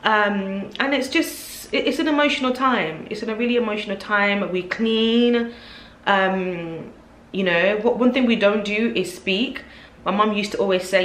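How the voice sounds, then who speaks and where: A woman vlogging at home, talking to camera in a halting, heartfelt, reflective way. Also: mid-range voice, a bit bright, a little hiss or hum. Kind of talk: casual vlog talk to camera. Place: home, indoors. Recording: echoey room.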